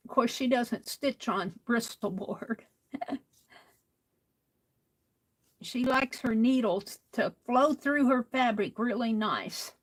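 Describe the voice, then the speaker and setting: Slow, soft-spoken woman stitching. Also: on the high side, rough recording. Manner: soft-spoken, drifts into whispers; talks to herself while working. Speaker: crafting livestream host. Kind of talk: casual chat while stitching.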